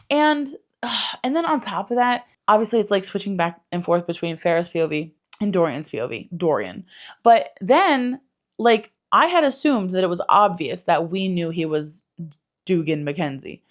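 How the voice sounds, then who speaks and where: A woman giving a casual, animated book review, swearing freely and saying "like" a lot. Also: medium pitch. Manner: animated, swears, lots of "like" fillers.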